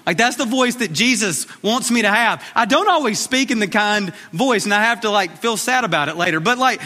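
A man's voice: high-pitched, expressive, brisk, sharp tone. A man in his thirties preaching a sermon in a conversational way, repeating short phrases for emphasis. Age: 30s. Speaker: pastor. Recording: reverberant hall.

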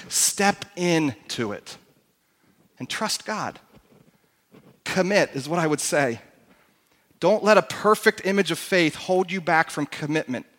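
A man pastor giving an emphatic, animated sermon in a church hall. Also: a little high, moderate pace. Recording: echoey hall.

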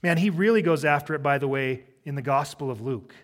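Middle-aged male pastor, conversational sermon with funny asides, slightly high pitch. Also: brisk. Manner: conversational preaching with humorous asides.

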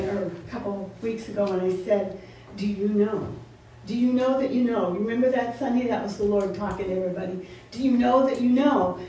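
Woman preacher, mellow tone, fairly high voice, repetitive questioning. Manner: animated, repeating questions to the congregation, laughing asides. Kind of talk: sermon. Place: church sanctuary. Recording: roomy echo, from far off, faint noise.

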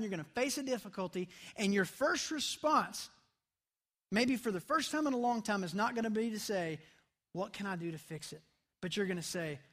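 Male pastor, high voice, chatty sermon delivery with soft intense drops. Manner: conversational preaching, drops to soft intense tones. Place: church sanctuary.

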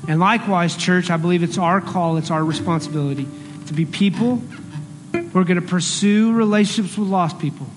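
High-voiced male pastor preaching. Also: a little fast, music in the background. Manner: earnest, conversational preaching with personal stories. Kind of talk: sermon.

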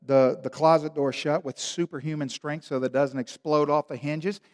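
Male pastor, emphatic sermon delivery, high-pitched, echoing church hall. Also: normal speed. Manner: animated, emphatic storytelling.

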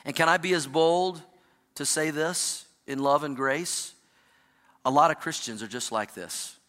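A man preaching a sermon as pastor of his church, rising and then dropping low and quiet for emphasis. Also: a little slow, big-room sound. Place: church sanctuary.

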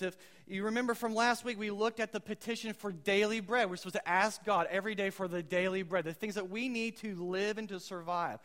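A man with a notably high voice preaches a sermon in a relaxed, conversational way, asking his congregation questions and dropping quoted one-liners. His words ring out with a long reverb from a large church hall. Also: fairly quick, hardly any pauses. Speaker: pastor.

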